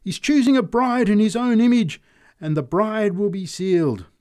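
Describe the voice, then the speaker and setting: A man's voice: high-pitched, moderate pace, a little mellow, voice pushed up, natural voice. Man doing a screaming woman street preacher. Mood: triumphant.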